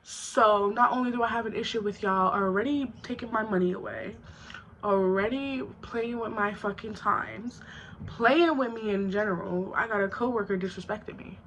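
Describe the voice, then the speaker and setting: A woman's voice: medium pitch, normal speed, fairly bright tone, slight background noise, poor audio. A young woman vlogger telling a storytime, blunt and profane, acting out both sides of an argument. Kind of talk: storytime vlog.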